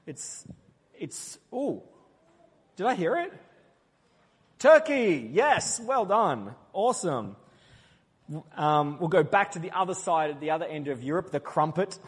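Male preacher, slightly high husky voice, lively crowd quizzer, in a reverberant church hall. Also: measured pace. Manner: playful, quizzing the crowd, loud call-and-response. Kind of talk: interactive sermon with the congregation.

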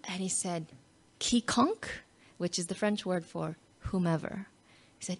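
A woman telling a personal faith story to an audience, animated and emotional, acting out quotes and dropping to a near-whisper at tender moments. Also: fairly low pitch, normal speed. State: moved close to tears at times.

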